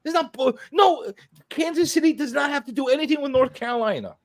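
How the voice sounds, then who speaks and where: A man's voice: extremely high pitch, animated, a little fast, no echo. A man hosting a casual chat, teasing and incredulous, swearing freely. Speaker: host.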